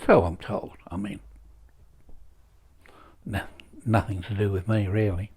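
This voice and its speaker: An older man in his seventies muses aloud in a loose, rambling monologue. His voice sits fairly low and he takes his time, pausing on fillers and landing dry, wry asides. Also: fairly even intonation, a little mellow, husky. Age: 70s. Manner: halting, dry wry humor, many fillers. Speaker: vlogger.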